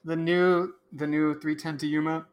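A man co-hosting a podcast in casual, relaxed chat. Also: a little high, normal speed, muffled recording. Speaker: podcast co-host.

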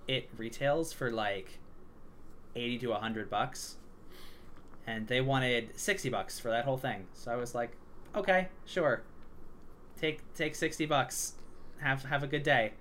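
A man's voice: medium pitch, a bit bright. Young man telling a rambling story. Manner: rambling storyteller, lots of filler words. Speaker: podcast co-host. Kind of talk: casual chat. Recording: faint background noise.

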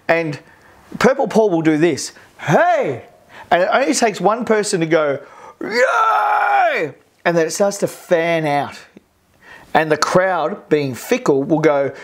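An Australian presenter teaching a recorded course lesson, energetic and repetitive, acting out crowd cheers. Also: mid-range voice.

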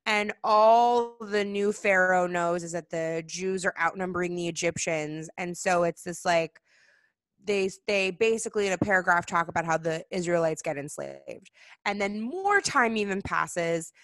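A young woman with a bright, forceful voice tells stories in a casual chat, full of "like" and laughter. She slips into little character voices as she explains. The sound is dry and close. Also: lowish voice, normal speed, no room sound. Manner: animated storytelling, acts out voices, frequent "like" and laughs. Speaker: guest explaining Jewish holidays.

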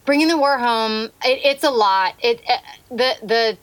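A woman co-hosting a casual podcast chat who keeps backing the others up with quick agreement. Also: on the high side, a bit bright. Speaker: podcast co-host.

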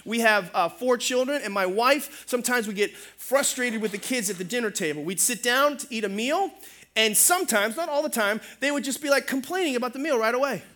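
A middle-aged male pastor preaching a sermon in an animated, humorous way, calling out for amens. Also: very high-pitched, fairly quick.

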